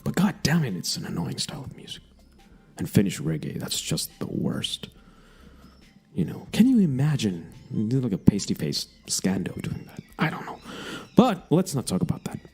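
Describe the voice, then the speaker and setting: A man's voice: fairly low pitch, wildly swooping pitch, normal speed, darkish tone, husky. A man hosting a radio music show, chatting casually and jokily between songs, rambling and cutting himself off. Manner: rambling, self-interrupting, jokey.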